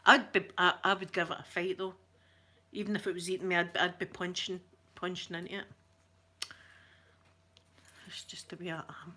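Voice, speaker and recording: A middle-aged woman with a Scottish accent, chatting to a livestream audience in a rambling, giggly storytelling way with soft asides. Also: on the low side, flat delivery, normal speed, long pauses. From Scotland. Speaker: ASMR channel host.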